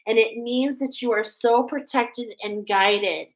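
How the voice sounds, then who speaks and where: A woman giving a spiritual oracle card reading to her viewers, speaking with emotional awe and warm affirmations. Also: on the high side, slow pace, poor audio.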